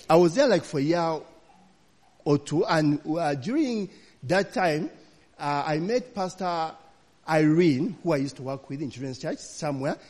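Male preacher, a touch high-pitched, loose and laughing as he tells stories to the congregation, church hall with reverb. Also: a little mellow. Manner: chatty, laughing, peppers lines with "you know, eh?". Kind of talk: storytelling sermon.

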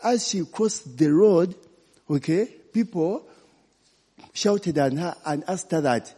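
A man's voice: fairly high pitch, animated, slow, warm tone, breathy edge. A man preaching an informal sermon, often checking in with "eh?" and "okay?". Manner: chatty, frequent "eh?" and "okay?" check-ins. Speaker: pastor. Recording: long hall reverb.

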